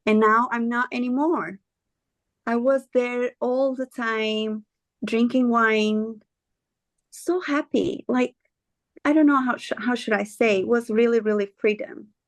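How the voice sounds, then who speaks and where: Woman, interview guest; earnest, halting delivery, searches for words; dry, close sound. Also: on the high side, fairly even intonation, no room sound. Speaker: guest sharing her story. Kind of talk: candid conversational interview.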